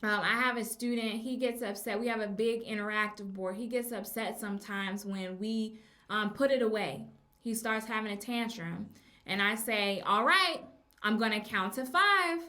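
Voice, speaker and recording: A woman hosting a casual advice podcast as a teacher, chatty, with frequent ums and slow stresses on key words. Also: mid-range voice, fairly even intonation, a bit bright. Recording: echoey room.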